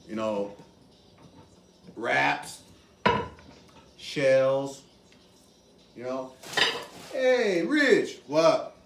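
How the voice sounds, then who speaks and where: An animated man walks viewers through a recipe at an unhurried pace, his higher voice leaping around as he exclaims over each step. He sits well away from the camera, so the sound is roomy and echoey, with a faint wash of ambient noise behind him. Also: distant mic. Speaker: cooking video host. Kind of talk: casual cooking demonstration.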